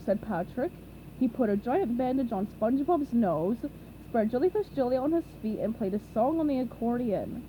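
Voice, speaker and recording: A woman narrating a children's storybook in an animated, expressive way. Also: fairly high pitch, normal speed, highs cut off, slight background noise. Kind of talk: storybook reading.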